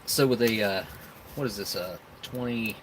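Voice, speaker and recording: A man's voice: fairly low pitch, normal speed, fairly bright tone, slight background noise, low-quality recording. A man with a Southern rural American accent hosting a casual live stream, rambling and chuckling as he tastes snacks and talks with his mouth full.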